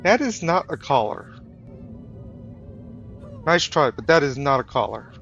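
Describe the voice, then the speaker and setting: A man's voice: fairly high pitch, big pitch swings, measured pace, a bit bright, dull audio, faint music behind. A man streaming a game live, chatting casually and teasing his viewers. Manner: joking, teasing chat, mock British phrases. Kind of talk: casual live gameplay commentary.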